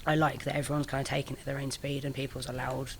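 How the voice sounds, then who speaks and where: Band member for an interview: husky, gravelly woman with a phlegmy throat, loose and sweary. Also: a bass voice, little pitch movement, very fast, a little hiss or hum. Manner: swears freely, jokey, trails off into soft asides. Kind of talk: casual interview chat.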